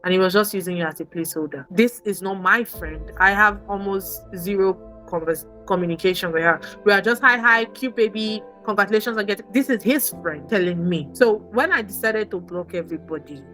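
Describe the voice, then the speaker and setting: Emphatic Nigerian woman, bright voice. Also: on the low side, fairly quick, hardly any pauses, faint music behind, low-quality recording. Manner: animated, emphatic, repeats for emphasis. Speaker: podcast guest. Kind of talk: candid personal storytelling.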